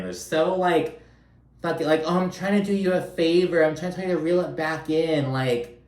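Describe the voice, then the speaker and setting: A man giving a casual, profane recap of a reality TV episode, full of "like" fillers and sarcastic mock quotes. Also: medium pitch. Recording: roomy echo, a bit off-mic.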